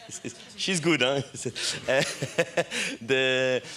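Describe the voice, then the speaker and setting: A French bar owner in his thirties gives a casual, self-deprecating talk on a conference stage, full of fillers and restarts. He has a French accent and a mid-range, expressive voice with a sharp tone, and he speaks extremely slowly.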